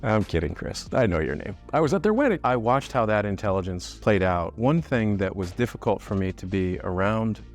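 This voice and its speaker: Middle-aged male storyteller, deep voice, candid and self-mocking, casual confessional vlog. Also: sing-song, brisk, hardly any pauses, soft background music. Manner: reflective, candid, self-deprecating with mild swearing. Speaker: artist telling personal stories.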